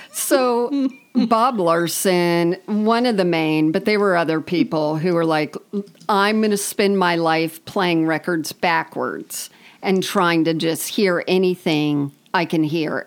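A woman's voice: on the low side, slow. A woman co-hosting a casual chat, telling wry stories with frequent tangents. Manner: chatty, wry storytelling with tangents. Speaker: podcast co-host.

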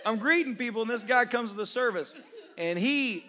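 A man's voice: extremely high pitch, lively intonation, moderate pace, sharp tone. A man preaching a storytelling sermon as a pastor, humorous and self-deprecating, laughing often as he talks straight to his congregation. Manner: conversational, addresses congregation directly.

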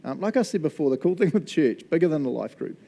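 Here a fast-talking pastor with a high, gravelly, warm voice and lively intonation gives a relaxed, enthusiastic sermon. He chats with the congregation, laughs frequently, and tosses in "eh?" and "right?" at the ends of lines.

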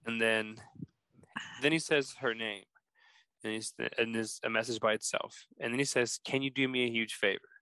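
A man's voice: mid-range voice, moderate pace, clear, resonant tone, no room sound, rough recording. A man hosting a podcast, telling a story casually and acting out the quoted text messages. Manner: animated, acts out quoted texts. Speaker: podcast host.

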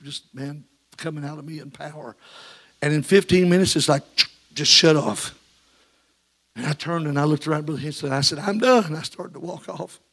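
A man preaching a sermon, moving from fervent shouted preaching into quiet folksy storytelling. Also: on the high side, slightly rough.

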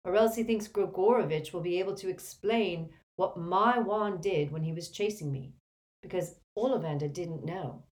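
A woman's voice: on the low side, normal speed, darkish tone, voice pushed up, natural voice. Woman reading as a stubborn teen boy wizard. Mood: defiant. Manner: tense, defiant.

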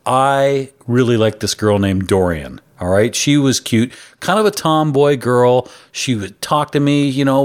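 A man co-hosting a casual podcast, telling stories with lots of swearing. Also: mid-range voice. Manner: animated storyteller, swears freely. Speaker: podcast co-host.

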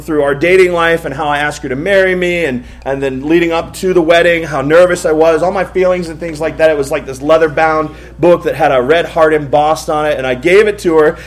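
Pastor in his thirties, quick to joke and quiz the room, fairly high voice. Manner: joking, conversational, asks the audience questions. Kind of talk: sermon. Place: church stage before a congregation.

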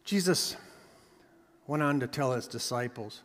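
A man's voice: fairly high pitch, animated, unhurried, pauses often. Man preaching in a reverberant church. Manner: emphatic preaching, rising and dropping for effect. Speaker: pastor. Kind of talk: sermon.

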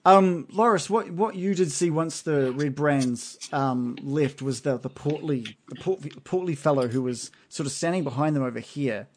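A man's voice: a little high, moderate pace, hardly any pauses. A man narrating a tabletop game as game master, loose and hesitant with many ums and restarts.

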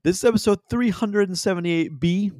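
A man's voice: sits high, brisk, darkish tone, dry recording, clean studio sound. A man hosting a casual movie podcast, rambling and stumbling over words with frequent laughs. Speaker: podcast host.

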